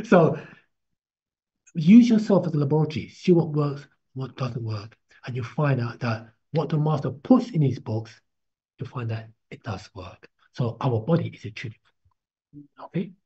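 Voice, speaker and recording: A man teaching a casual spoken lesson, slow and halting, repeating himself as he explains and chanting drawn-out syllables to show them. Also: medium pitch, animated, dark tone, breathy edge. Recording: dull lo-fi recording.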